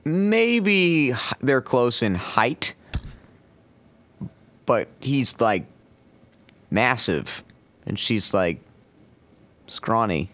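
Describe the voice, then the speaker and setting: A man's voice: on the low side, animated, drawn-out words, pauses often, a bit bright. A man co-hosting a casual podcast chat, explaining things in a dry, matter-of-fact way. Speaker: podcast co-host.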